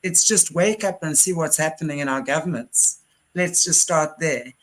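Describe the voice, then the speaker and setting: An interview host speaking with earnest passion at a middle pitch. The delivery is heartfelt and urgent, with frequent restarts mid-sentence. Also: normal speed, low-quality recording. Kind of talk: casual interview chat.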